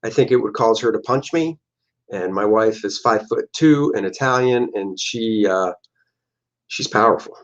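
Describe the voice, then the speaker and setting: A man's voice: fairly low pitch, normal speed. Joking male comic artist on a lo-fi stream. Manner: joking, chatty, acts out characters' lines. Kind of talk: casual livestream commentary.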